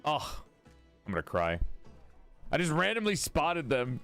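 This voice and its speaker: A male streamer chatting casually over a game, his pitch leaping all over the place as he gushes and squeals. He is a little sleepy but stays excitable. Faint music plays underneath. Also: unhurried. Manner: excitable, gushing, swings into high squeals. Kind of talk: casual gaming livestream chat.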